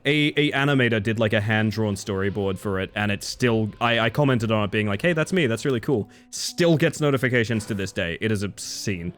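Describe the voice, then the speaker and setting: With a lowish, smooth, fairly bright voice, an Australian streamer talks fairly quickly with hardly any pauses. He's chatty and profane, chanting silly words while he plays and commentates.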